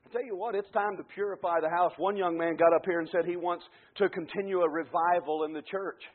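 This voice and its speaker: A man preaching a fervent sermon, dropping to quiet asides and then building to shouted climaxes. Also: sits high, steady tone, fairly quick. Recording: tinny phone-like radio broadcast.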